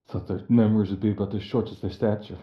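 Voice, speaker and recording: A man's voice: fairly low pitch, roomy sound, lo-fi sound, close to an everyday voice. A man voicing a sardonic male captive adventurer in a tabletop game.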